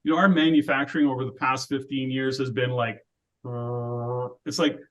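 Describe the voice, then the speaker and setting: An older man from Alberta holds forth on a casual podcast. He is opinionated, full of rhetorical questions and quick to rant. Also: mid-range voice, flat delivery, fairly bright tone, dull audio. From Alberta, Canada. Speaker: podcast co-host.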